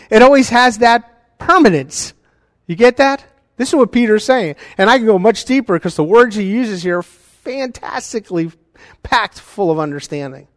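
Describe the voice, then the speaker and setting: A man preaching a sermon as a pastor, animated and conversational, with joking asides to the congregation. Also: high voice, no echo, clean studio sound, long reverb tail.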